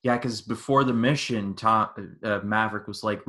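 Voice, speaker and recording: A man's voice: on the low side, moderate pace. A man co-hosting a podcast, eagerly reviewing a film in casual chat and acting out its lines. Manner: excited, acts out quotes with many restarts. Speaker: podcast co-host.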